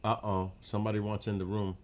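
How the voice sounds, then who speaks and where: This New Yorker chats loosely with his audience during a late-night outdoor livestream by his house. He talks fast in a lowish register.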